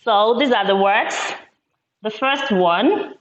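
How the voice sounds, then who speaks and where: A woman teacher giving a classroom lesson, speaking slowly and deliberately and repeating words syllable by syllable. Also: medium pitch. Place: classroom with a board. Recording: echoey room, dull lo-fi sound.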